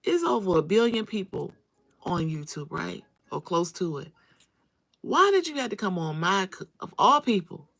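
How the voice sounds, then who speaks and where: With a mid-range, fairly bright voice that has big pitch swings and some creak, a woman talks at normal speed on a casual livestream. She addresses viewers directly, says hello to them by name, and repeats phrases to stress them.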